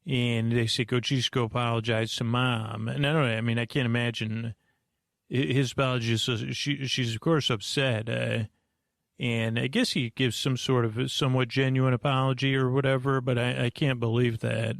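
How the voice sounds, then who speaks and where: A man slowly recapping a movie plot at bedtime, meandering with lots of fillers and restarts. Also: mid-range voice, fairly even intonation, gravelly, dry recording, studio quality. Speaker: host.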